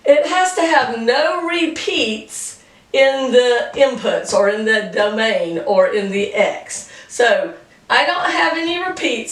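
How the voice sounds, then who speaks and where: A woman's voice: fairly high pitch, distant mic. Chatty woman teaching math in an echoey room. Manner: patient, homey explaining with counting aloud. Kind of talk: pre-algebra lesson.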